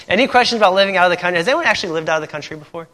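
Bright-voiced chatty male missionary. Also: sits high, big pitch swings, very fast. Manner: chatty, laughs often between sentences. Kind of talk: casual talk to a group.

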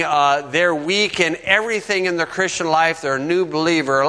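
A man's voice: high voice, bright, forceful tone, big-room sound. A man teaching a Bible lesson in a conversational, folksy way, often checking in with his listeners. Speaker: preacher.

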